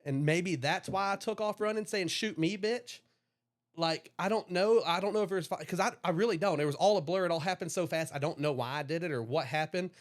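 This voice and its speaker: This young man, whose voice sits slightly higher, is a podcast co-host spinning long, rambling stories and swearing freely. He talks fast and casually in a loose chat-podcast style, with hardly any pauses.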